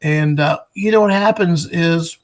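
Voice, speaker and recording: This is a man with a slightly raised voice, chatting as an interview guest about the event he organizes. He sounds eager and upbeat, pitching it hard and often restarting mid-sentence as the ideas tumble out. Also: a little slow. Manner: enthusiastic, promotional, frequent restarts. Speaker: guest, pinball expo organizer. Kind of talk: casual interview chat.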